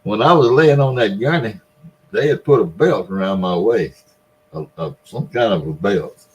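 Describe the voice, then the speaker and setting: This is a casual storytelling clip from a vlogger, a man in his 70s with a Mississippi Delta Southern accent, from the Mississippi Delta, USA. He tells a long tale folksily, laughing between lines, in a fairly low, darkish voice at normal speed over dull audio.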